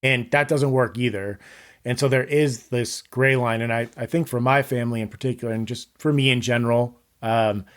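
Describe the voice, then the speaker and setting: A man's voice: mid-range voice, steady tone, moderate pace. A man in his thirties, a podcast guest, talking earnestly and rambling in casual conversation, often saying "like". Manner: earnest, rambling, heavy use of "like".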